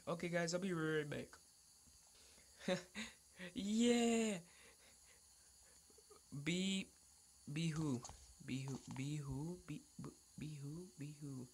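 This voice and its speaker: A woman commentating her gameplay, excitable and trash-talking, swearing often and repeating words in taunting bursts. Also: sits low, takes it slowly, long pauses, slight background noise. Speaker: gaming channel host.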